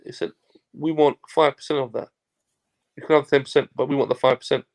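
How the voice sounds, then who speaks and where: A man's voice: mid-range voice, brisk, gravelly. A man, a football agent as a guest, telling a story casually, acting out what others said and swearing freely. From Turkey. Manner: animated storyteller, swears, acts out dialogue.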